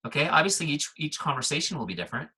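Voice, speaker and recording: Guest trainer, male, middle-aged, bright husky voice, upbeat and punchy. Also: on the high side, very animated, racing, rough recording. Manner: upbeat, punchy, checks in with listeners. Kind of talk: software walkthrough on a team call.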